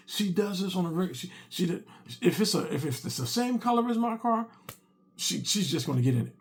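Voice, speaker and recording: A man telling a comic story casually, animated and repetitive with punchy asides. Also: high-pitched, fairly quick, slightly rough.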